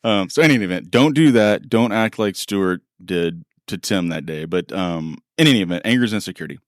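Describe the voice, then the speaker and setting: Speaking low and a little fast, a middle-aged podcast co-host trades casual stories, acting out what people said and laughing frequently in an animated manner. The recording is clean studio sound with no echo.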